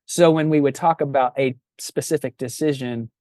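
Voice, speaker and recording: A man's voice: medium pitch, fairly even intonation, moderate pace, a little mellow, no echo. A man in his fifties, a pastor, talking reflectively on a podcast and often restarting his phrases. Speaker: pastor and guest. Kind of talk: casual podcast conversation.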